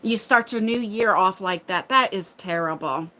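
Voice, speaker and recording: A woman's voice: mid-range voice, bright, forceful tone, low-quality recording. A woman hosting a casual live chat from home, talking to her viewers and her dog while out of breath. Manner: chatty, talks to viewers and her dog while rushing around. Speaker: livestream host. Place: home, moving between floors.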